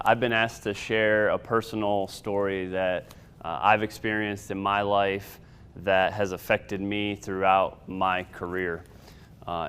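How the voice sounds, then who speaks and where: A man in his thirties, an Air Force sergeant, giving a personal testimony in a measured storytelling way with occasional fillers. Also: deep voice, a bit bright, clear, resonant tone.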